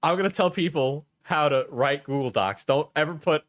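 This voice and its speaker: Sarcastic, animated male streamer. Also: a little high, moderate pace, no echo, studio quality. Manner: laughing, sarcastic asides. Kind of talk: casual commentary.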